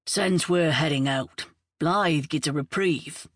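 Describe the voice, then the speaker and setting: A woman's voice: low-pitched, takes it slowly, dry recording, clean studio sound, heavily acted. Woman doing a grave, protective man.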